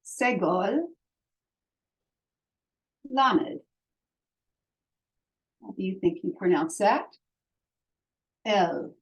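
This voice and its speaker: Slow, patient woman teaching Hebrew. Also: mid-range voice, expressive. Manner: slow, patient, sounds out syllables for learners to repeat. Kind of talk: online language lesson.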